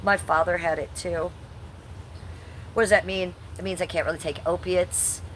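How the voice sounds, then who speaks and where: On a casual live stream, a woman in her fifties reads her chat aloud and gives blunt, combative replies, swearing at hecklers. She speaks at normal speed with fairly even intonation in a fairly low, slightly bright voice, and slight background noise is audible.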